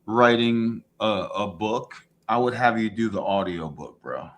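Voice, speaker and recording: A man's voice: on the low side, lively intonation, unhurried, a bit bright. A man in casual stream chat who speaks in a laid-back, slangy way.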